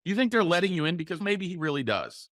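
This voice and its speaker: A male podcast host who coaches his listeners and breaks into short role-played sales calls, using deliberate pauses and changes in inflection. His voice sits fairly high for a man. The sound is dry and close, with no room echo. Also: big pitch swings, a bit bright. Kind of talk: solo podcast coaching talk.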